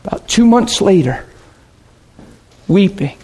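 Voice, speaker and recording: A man preaching a sermon and telling stories, swinging from loud excitement to hushed, quiet asides. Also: high-pitched, slow pace, breathy edge. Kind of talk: sermon storytelling.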